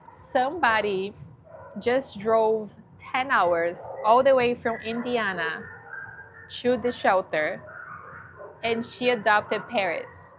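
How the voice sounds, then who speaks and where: A woman's voice: medium pitch, noisy background. A woman chatting casually on a livestream from a dog shelter, emotional and cooing at a shy dog.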